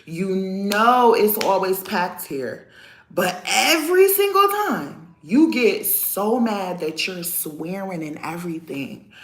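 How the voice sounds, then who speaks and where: A chatty woman in her thirties talks straight to her live viewers in an animated, laughing way. Her voice sits at an ordinary middle pitch. It comes through a roomy, echoey space. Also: takes it slowly. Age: 30s. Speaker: vlogger talking to live chat. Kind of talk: casual live-stream chat.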